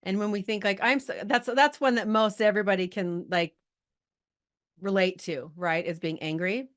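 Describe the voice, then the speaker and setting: A woman's voice: mid-range voice, fairly even intonation, moderate pace. A middle-aged woman leading a live coaching call, chatty and filled with likes and rights as she talks straight to her group. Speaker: business coach.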